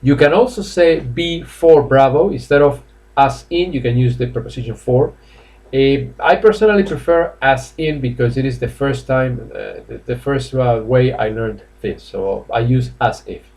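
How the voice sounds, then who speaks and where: A man from Spain with a mid-range, slightly mellow voice teaches English live online at normal speed in a Spanish accent. Indoors in a classroom or office, he's chatty and coaxing, with many fillers and laughs.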